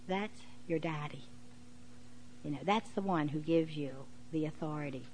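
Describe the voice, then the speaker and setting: A woman's voice: lowish voice, darkish tone, a little hiss or hum, rough recording. A middle-aged woman giving a sermon in an earnest, conversational way, with frequent "you know" asides. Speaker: preacher and preschool teacher.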